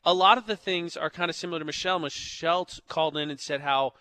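A man's voice: a little high, quick pace, pushed and bright, no echo. A young man hosting a morning radio show, telling stories in a joking, chatty way from the studio. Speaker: radio host. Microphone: studio mic.

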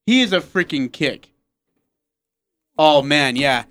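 A man's voice: fairly high pitch, expressive, takes it slowly, a bit bright. A man co-hosting a radio sports talk show, telling a rambling story and laughing at his own jokes. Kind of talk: casual sports talk banter. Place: radio studio.

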